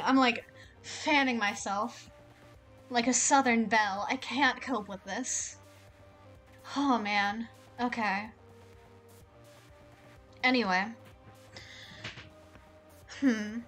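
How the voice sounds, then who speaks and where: A woman streaming a game live, chatting in an excitable, rambling way and swearing a lot. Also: on the high side, very slow, pauses often, soft background music.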